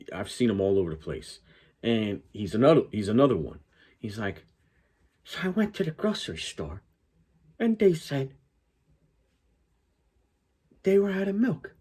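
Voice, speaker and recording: A man's voice: on the low side, a little mellow, husky. A man hosting a reaction channel, rambling casually and swearing freely.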